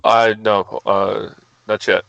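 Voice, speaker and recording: A man's voice: lowish voice, flat delivery, slow pace, creaky, a bit bright, lo-fi sound. A man co-hosting a gaming podcast as tech support, matter-of-fact and helpful in casual chat. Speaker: co-host handling tech support.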